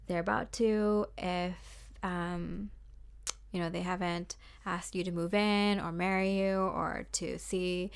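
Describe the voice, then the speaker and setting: A woman's voice: on the low side, steady tone, takes it slowly, gravelly, clear, resonant tone. Chatty, rambling woman reading tarot. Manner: chatty and rambling, full of fillers and little laughs. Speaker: tarot card reader. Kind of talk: casual spoken tarot reading.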